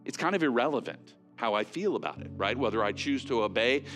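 A man preaching a sermon in a conversational, animated way, with frequent fillers and restarts. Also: medium pitch, a little fast, faint music behind. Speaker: pastor.

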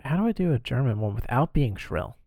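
Gravelly laid-back young man. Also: medium pitch, very animated, a little fast, warm tone, no echo. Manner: laid-back, jokey, laughs easily. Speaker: podcast co-host. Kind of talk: casual chat.

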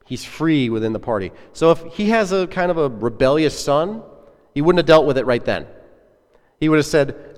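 A man's voice: a little high, lively intonation, moderate pace, darkish tone. A man preaching a sermon as a pastor, earnest and conversational, putting questions to his listeners. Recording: echoey hall with long reverb.

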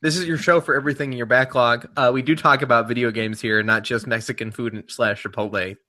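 Bright-voiced easygoing man hosting. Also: medium pitch, steady tone, fast. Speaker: podcast host. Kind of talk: casual chat.

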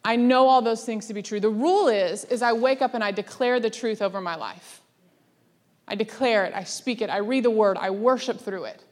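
A woman preaching a sermon in a lively, laughing way, acting out the voices she quotes. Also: on the high side, normal speed. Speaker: speaker. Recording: long hall reverb.

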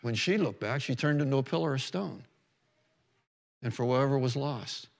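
A man's voice: medium pitch, lively intonation, normal speed, vocal fry, in a large hall. A man pastor preaching a sermon in an earnest, unpolished way, reading verses aloud and correcting himself as he goes. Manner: earnest, restarts and self-corrections, reads scripture aloud.

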